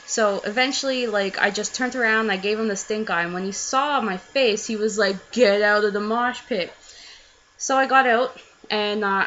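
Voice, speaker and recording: A woman's voice: a little high, sharp tone, dull audio, slight background noise. A young woman casually telling a rambling, self-mocking story to the camera.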